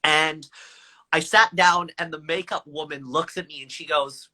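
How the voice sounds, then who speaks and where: Bright, energetic young man telling a story. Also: moderate pace, rough recording. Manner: energetic, acts out quoted lines in higher voices. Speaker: actor guest. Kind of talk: animated storytelling in an interview.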